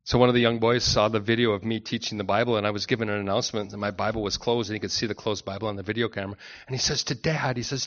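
A man's voice: on the low side, steady tone, racing, a bit bright, highs cut off. A man preaching a conversational Bible-teaching sermon to his congregation, mixing personal anecdotes with scripture and speaking directly to his listeners. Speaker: pastor.

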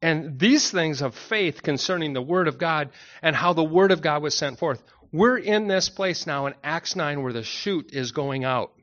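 A man's voice: a little high, expressive, moderate pace, hardly any pauses, fairly bright tone, dull audio. A man preaching a conversational Bible-teaching sermon to his congregation, mixing personal anecdotes with scripture and speaking directly to his listeners. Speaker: pastor.

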